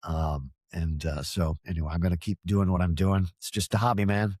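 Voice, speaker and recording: A man's voice: sits low, little pitch movement, a little fast, a little mellow, husky, no echo. A man talking as a guest on a podcast, rambling and earnest, often stammering and restarting. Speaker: podcast guest, paranormal field researcher. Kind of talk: casual podcast conversation.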